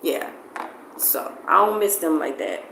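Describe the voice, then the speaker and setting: A woman's voice: on the low side, big pitch swings, unhurried, creaky, a bit bright. A middle-aged woman from New Jersey with a New Jersey accent mixed with a Southern US one. She talks loosely in casual conversation as an interviewee, rambling with lots of "like" fillers and repeats. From New Jersey, USA. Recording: roomy echo with faint background noise.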